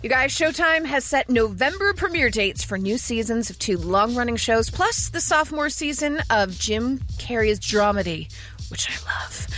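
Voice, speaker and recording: A woman's voice: fairly high pitch, fairly bright tone. A woman hosting a radio show, reading entertainment news and teasing her co-hosts. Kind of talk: morning radio banter.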